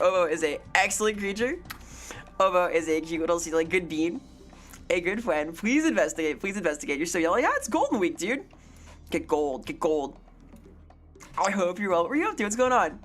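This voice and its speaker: A young woman hosting a live stream, her voice sitting on the lower side for a woman. She rambles and jokes with a playful, off-the-cuff manner, reading out chat as she goes. Soft music plays faintly behind her. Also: animated, a little fast. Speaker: variety streamer.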